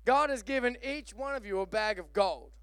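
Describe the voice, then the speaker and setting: A man preaching a lively sermon, joking and calling for amens. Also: very high-pitched, moderate pace, clean tone, dry recording, studio quality. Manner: animated, joking, calls for amen. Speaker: pastor.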